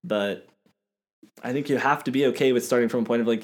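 A man's voice: mid-range voice, quick pace, long pauses. A man co-hosting a casual chat, talking in a thoughtful, reflective way with plenty of "like" fillers.

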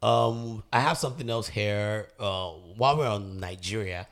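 A man co-hosting a casual group podcast chat, telling stories with lively mimicry. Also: fairly low pitch, moderate pace, gravelly. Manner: animated storyteller, mimics voices. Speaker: podcast co-host.

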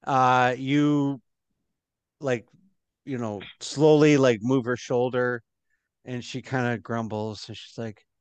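Guy game-mastering, slow and rambly, smooth voice, dry sound. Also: mid-range voice, level tone, no room sound, lo-fi sound. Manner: rambling, lots of fillers. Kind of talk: narrating a tabletop game.

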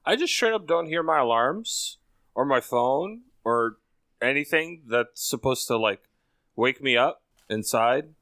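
Casting: male co-host, wry and dry, bright forceful tone, close dry mic. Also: medium pitch, expressive, measured pace, dry recording. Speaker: podcast co-host. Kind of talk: casual chat.

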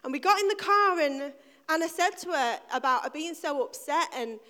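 A woman's voice: high voice, expressive, moderate pace, bright, forceful tone. A middle-aged woman preaching an Easter sermon to her church, telling a personal story and building to emphatic, repeated lines.

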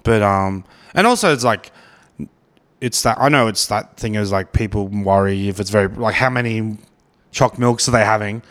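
A man's voice: lowish voice, moderate pace, a bit bright. A man with an Australian accent, hosting a podcast in casual chat, rambling and often repeating words. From Brisbane, Australia. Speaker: podcast host.

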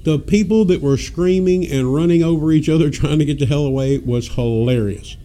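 A man's voice: a little high, normal speed, mellow. Rowdy laughing man storyteller. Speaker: podcast co-host. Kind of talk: casual storytelling chat.

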